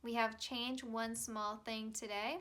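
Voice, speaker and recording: A woman's voice: a little high, little pitch movement, takes it slowly, background noise. A young woman giving a casual, chatty tarot reading, reassuring her viewers with plenty of fillers. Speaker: tarot reader.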